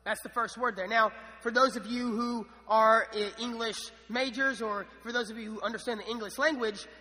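Young male preacher, high bright voice, eager and chatty, church hall reverb. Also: fairly even intonation, normal speed. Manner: enthusiastic, many restarts and fillers. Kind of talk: sermon.

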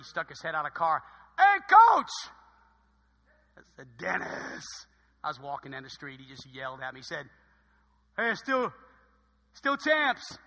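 A middle-aged man preaching a sermon as pastor, telling stories in an animated way that swings between loud bursts and quiet asides. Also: fairly high pitch. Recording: long reverb of a large hall.

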